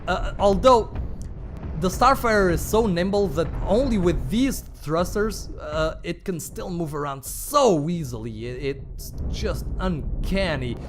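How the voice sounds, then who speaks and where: Guy commentating a game match, pretty high voice, rambly and jokey, a little background hiss. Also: lively intonation, unhurried. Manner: chatty and rambling, with playful asides and exclamations. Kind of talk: live play-by-play commentary.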